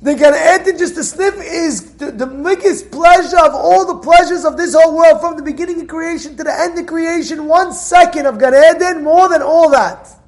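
High-voiced man giving a lively Torah talk. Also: moderate pace. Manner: animated storytelling with repeated phrases and quoted dialogue. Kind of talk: informal Torah lesson.

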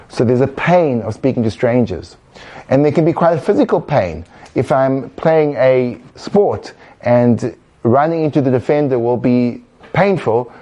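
A man explaining ideas in a relaxed podcast chat, animated and acting out inner voices. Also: mid-range voice. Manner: animated, acts out inner voices, laughs at own jokes. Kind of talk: conversational explanation.

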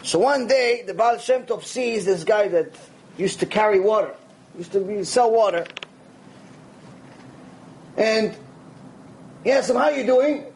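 A man delivers a Torah lecture in a conversational, animated way, now and then acting out the voices of people he quotes. His voice sits high for a man. A faint hiss of background noise runs under the talk. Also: a little slow, long pauses. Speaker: rabbi.

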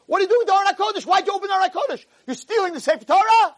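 A man voicing a stern, angry rabbi who shouts and scolds a simple man. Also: extremely high pitch, lively intonation, rapid-fire, voice pushed up. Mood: alarmed.

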